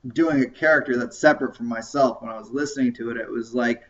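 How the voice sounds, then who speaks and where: A man's voice: mid-range voice, steady tone, fast. Hesitant rambling man, distant lo-fi mic. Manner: hesitant, rambling, many restarts. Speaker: podcast co-host. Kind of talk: casual discussion. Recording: distant lo-fi home recording.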